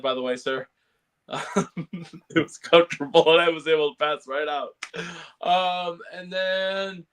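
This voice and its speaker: Male co-host, fairly high voice, loose rambling delivery full of fillers. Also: fairly bright tone. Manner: rambling, many fillers and laughs. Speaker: podcast co-host. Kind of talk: casual chat.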